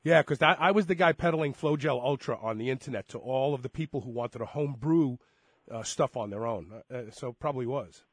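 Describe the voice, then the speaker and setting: A man hosting a talk radio show, congested and sick, rambling with animated swings from quiet asides to loud emphasis. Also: mid-range voice, a little fast, slightly rough, no room sound. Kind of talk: casual talk radio chat.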